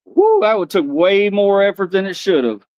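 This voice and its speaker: A man's voice: sits high, lively intonation, moderate pace, no room sound, muffled recording. An American man hosting a livestream, rambling loosely and chatting with viewers by name. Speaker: livestream host. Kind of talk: casual chat with chat readers.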